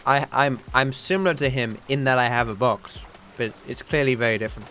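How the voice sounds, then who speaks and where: A man's voice: medium pitch, a little fast, pushed and bright, faint music behind. A man streaming a video game, chatting casually and rambling in reply to his chat. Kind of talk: casual livestream chat while gaming.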